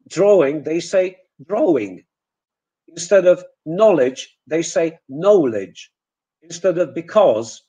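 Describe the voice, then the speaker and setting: A man teaching English pronunciation in a webinar, modelling sounds and pausing with um and uh. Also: on the high side, warm tone, rough recording. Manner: lecturing, demonstrates sounds slowly, frequent um and uh.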